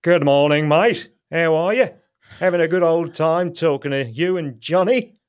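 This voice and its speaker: A man's voice: fairly high pitch, moderate pace, pitched above the performer's own voice, natural voice. A man voicing a cheery adult Cockney man with a chirpy, exaggerated accent, on a studio microphone.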